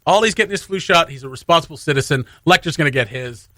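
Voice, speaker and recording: Man, radio host, casual banter, jokey, bright, lively pitch. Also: quick pace, dry recording, clean studio sound. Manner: jokey, laughs often, lively.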